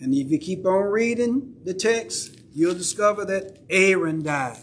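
A male pastor with a Southern accent preaches in a church sanctuary, unhurried and conversational, pausing to check in with the congregation. His high-pitched voice has lively intonation, and there's a slight hiss or hum.

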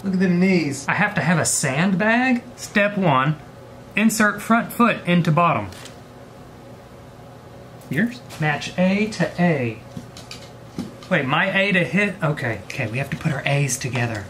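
Animated young man joking to a prop. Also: fairly high pitch, measured pace, long pauses, slight background noise. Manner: playful, jokey asides to an object. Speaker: vlogger. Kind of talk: comedic vlog, talking to a prop.

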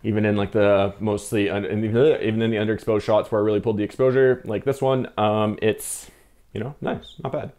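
Rambling low-voiced man reviewing film. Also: little pitch movement, a little fast, darkish tone. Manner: rambling, self-interrupting, jittery from coffee. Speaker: film photography vlogger.

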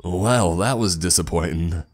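A man's voice: deep voice, measured pace. A man voicing a brash young fighter with a thick put-on accent. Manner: brash, loud.

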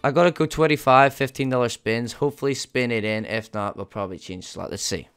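A man doing live commentary on his slot play as a streamer, excitable and swearing often, talking to his viewers as "boys". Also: medium pitch, fairly quick, clean tone, faint music behind. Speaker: gambling streamer.

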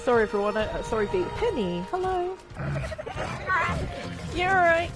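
A woman chatting through a video game, her high voice leaping wildly up and down as she gushes and squeals with excitement. Game music plays behind her. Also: normal speed. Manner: excitable, gushing over pets, gasps and squeals. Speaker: gaming channel host. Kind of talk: casual gameplay chat.

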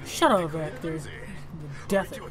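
A young man giving let's play commentary on a video game, excitable and reactive, often exclaiming and swearing. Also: a little high, takes it slowly. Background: game music.

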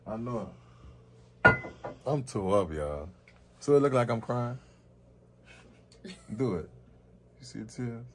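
Dude vlogging on set, playful and hyped, loud wind blasting the mic, middle-pitched voice. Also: male voice, animated, slow, long pauses. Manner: playful, hyped, talks straight to viewers. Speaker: rapper filming a behind-the-scenes vlog. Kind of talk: casual vlog talk to camera. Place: outdoors at a video shoot. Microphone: handheld camera.

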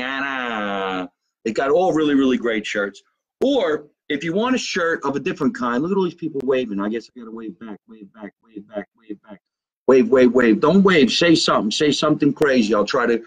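A man with a New Jersey accent hosting a live stream from his basement, reading out viewer comments in a brash, profane, fast-talking way. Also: mid-range voice, poor audio. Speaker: comedian hosting a live show. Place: home basement.

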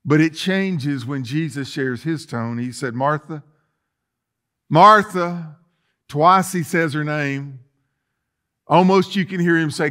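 Slow-preaching pastor, fairly high voice. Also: male voice, fairly bright tone. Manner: preaching with rising intensity and long pauses. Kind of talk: sermon.

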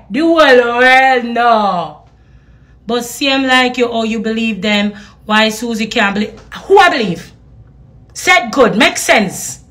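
Jamaican woman, high voice, heated live-stream rant, patois and cursing. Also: a bit bright. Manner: ranting, repeated rhetorical questions; patois slang and profanity. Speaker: social media personality.

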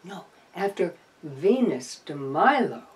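Slow, lively-pitched woman, wry and tender. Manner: dry playful humor, coos tenderly to her opossum. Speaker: opossum rescuer and vlogger. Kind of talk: casual chat to camera. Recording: voice somewhat distant from the mic.

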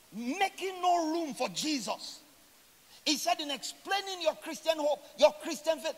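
A man preaching a sermon as a pastor, swinging from loud emphatic lines to quiet, drawn-out endings and slowly stressing scripture quotes. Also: high voice. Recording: long hall reverb.

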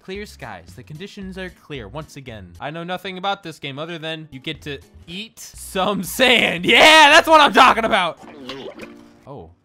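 A man giving excitable, rambling gaming commentary, often laughing as he plays. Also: on the high side. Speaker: gaming video host.

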